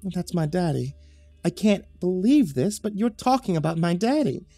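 A man voicing a prim, devout southern churchwoman in her middle years, raising his voice high and breathy. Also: big pitch swings, normal speed, warm tone, no room sound, soft background music, full character voice. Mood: shaky, moved.

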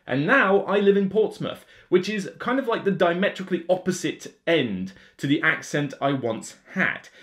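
A man's voice: sits high, normal speed, few pauses. Somerset guy ranting to camera about board games, voice jumps all over, loads of you knows. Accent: Somerset English. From England (Somerset). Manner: animated, rant-like, with many fillers. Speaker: board game video host. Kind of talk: casual video talk to the camera.

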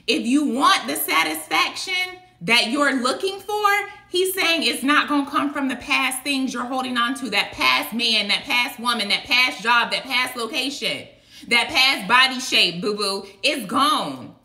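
A woman's voice: on the high side, lively intonation, a little slow, sharp tone. A woman preaching a casual devotional message, emphatic and colloquial, with rhetorical asides. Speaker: online preacher. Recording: echoey room.

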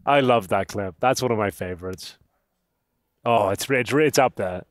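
A man casting a shooter match, excitable and bantering with his co-casters. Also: fairly low pitch, moderate pace, dry recording, studio quality. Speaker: esports commentator. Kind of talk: play-by-play commentary.

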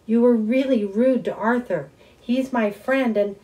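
A woman voicing a middle-school boy who pleads and yells at his mother. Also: medium pitch, expressive, unhurried, lightly acted, rough recording. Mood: upset, pleading. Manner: pleading, yelling.

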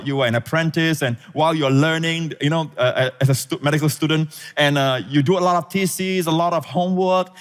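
A middle-aged male pastor preaching a sermon to a congregation, calling for amens and rising to shouted emphasis. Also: on the high side. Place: church auditorium. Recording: large hall reverb.

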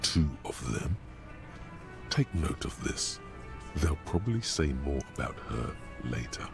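An actor voicing a dry, knowing male narrator in a game, slow and measured, with a deep gravelly voice. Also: very animated, full character voice. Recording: game audio with music behind. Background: music.

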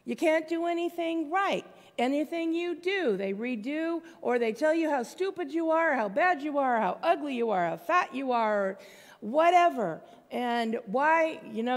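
A woman's voice: high-pitched, expressive, takes it slowly. A woman pastor giving a sermon in a conversational, plainspoken way, with asides to the congregation. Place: church sanctuary. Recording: long church hall reverb.

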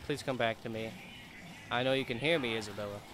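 A man commentating a video game as he plays, excitable, laughing and swearing, talking back to the characters on screen. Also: mid-range voice, quick pace, background noise. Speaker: gaming YouTuber. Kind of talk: let's play commentary.

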